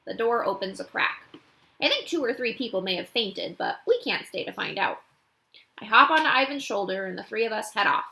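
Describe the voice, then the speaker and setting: A woman's voice: mid-range voice, brisk, creaky. A woman reading a children's novel aloud, narrating expressively. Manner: expressive, animated. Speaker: audiobook reader.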